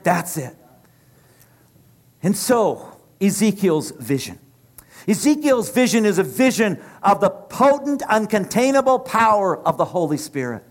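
A middle-aged male preacher delivers a sermon in a notably high voice. He builds his points in rhythmic, repeated phrases and speaks with rising passion. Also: sing-song, a little slow.

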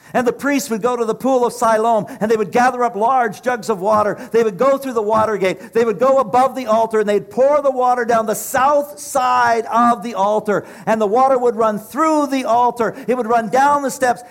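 A middle-aged man preaching a sermon with impassioned, rhythmic delivery and repeated phrases. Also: sits high.

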